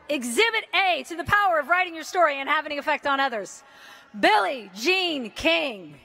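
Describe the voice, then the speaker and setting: An American woman in her fifties speaks at a commencement in a big indoor arena, her voice sitting high at a moderate pace. Her delivery is lively and casual, full of jokes and a bit of mild profanity.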